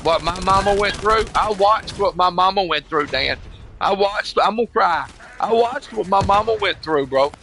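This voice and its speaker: An older man with a slightly high, sharp-toned voice chats casually over a gamer's voice chat, with slight background noise. He tells a long, rambling, emotional story, swearing often and repeating "bro" and "you know what I mean" again and again.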